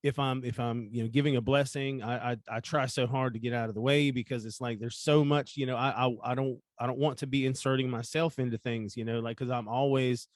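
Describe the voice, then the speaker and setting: A man's voice: medium pitch, steady tone, brisk, hardly any pauses, dry recording, studio quality. A man co-hosting a casual scripture discussion podcast, speaking earnestly and often restarting his sentences. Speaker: podcast co-host.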